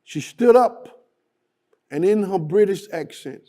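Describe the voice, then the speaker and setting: A male guest speaker telling a story in a dramatic, deliberate manner. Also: high-pitched, animated, dark tone. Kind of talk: storytelling speech.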